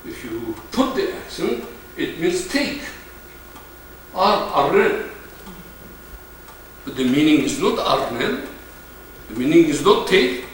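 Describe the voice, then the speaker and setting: Older Armenian-accented man lecturing slowly. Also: fairly high pitch, sing-song, a little hiss or hum. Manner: slow, deliberate delivery with fillers, sometimes sings phrases. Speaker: archbishop giving a lecture. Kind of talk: live lecture. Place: large lecture hall. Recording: echoey hall, mic far off.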